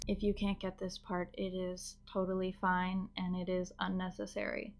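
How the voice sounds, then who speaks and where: A woman with an American accent teaching English pronunciation, drawing out sounds slowly and carefully to demonstrate them. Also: lowish voice, monotone. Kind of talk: pronunciation lesson.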